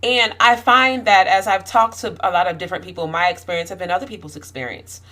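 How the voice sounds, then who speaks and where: Talking fast in a pushed, bright, mid-range voice, a woman vlogs candidly to camera about her life. Outspoken and passionate, she frequently restarts her sentences and pushes her emphasis higher.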